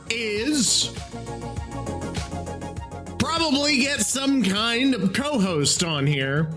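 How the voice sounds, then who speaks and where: A man runs his podcast alone, ranting with exasperation and frequent swearing. His voice sits high and swings widely in pitch as he vents. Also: animated, drawn-out words, pauses often, music in the background. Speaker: podcast host. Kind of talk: solo podcast rant.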